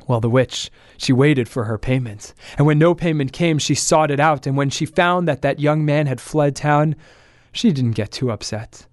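Male storyteller, steady plain narration, higher register, dry studio sound. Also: normal speed, dry recording. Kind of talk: scripted narration.

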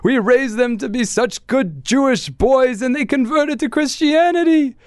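A man's voice: extremely high pitch, measured pace, dry recording, clean studio sound, voice pushed up. A man voicing a grieving old man in a folk tale, wailing and lamenting. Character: grieving old man mourning his son.

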